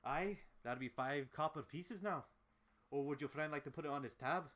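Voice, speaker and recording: A man's voice: on the high side, normal speed, fairly bright tone, lightly acted. A man voicing a hearty male tavern bartender in a mock Scottish-Irish accent. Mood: friendly. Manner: hearty, calls people lass.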